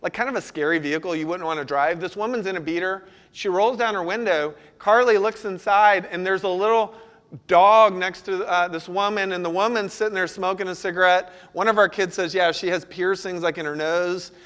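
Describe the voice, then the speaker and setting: A middle-aged man with a high-pitched voice preaches a sermon to his congregation. He tells a family story and keeps it conversational, asking the listeners questions as he goes. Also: a little fast, a bit bright. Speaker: pastor.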